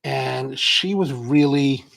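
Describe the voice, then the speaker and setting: Middle-aged male host, gravelly tone, meandering live-stream unboxing chatter. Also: medium pitch, takes it slowly, a bit bright, low-quality recording. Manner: rambling, chatty storyteller. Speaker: coffee channel host. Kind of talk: casual live-stream chat.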